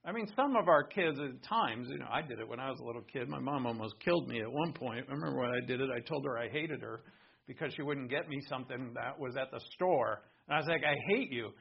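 A man from Rhode Island preaching a sermon in a conversational way, swinging between soft asides and emphatic points. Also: mid-range voice, quick pace, creaky, breathy edge, dull audio. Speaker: pastor.

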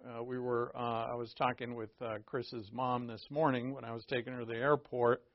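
A man teaching through a Bible passage in a relaxed, conversational way, explaining terms plainly and often restarting his sentences. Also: mid-range voice, normal speed, no room sound, muffled recording. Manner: conversational and digressive, with frequent restarts.

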